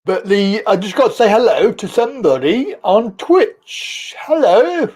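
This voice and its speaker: A man hosting a live stream, easygoing and talkative. His voice sits high for a man, and he takes his time, drawling through greetings and chat comments with frequent chuckles. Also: sing-song, a little slow, a little mellow, breathy edge. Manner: chatty, reads viewer comments aloud, laughs often. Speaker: live-stream talk show host.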